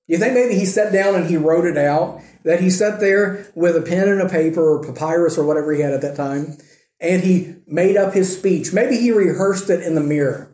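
Male preacher, conversational storytelling, rhetorical questions, mellow tone, echoey room. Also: sits high, normal speed. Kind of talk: sermon.

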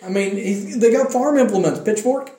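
A man giving a conversational sermon, telling a Bible story with animated delivery and acting out the quotes. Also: sits high, moderate pace, roomy sound. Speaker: preacher.

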